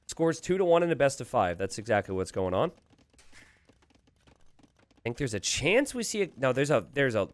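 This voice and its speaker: A man casting a live strategy game, thinking aloud with animated asides to his viewers. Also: mid-range voice, no room sound. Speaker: game caster.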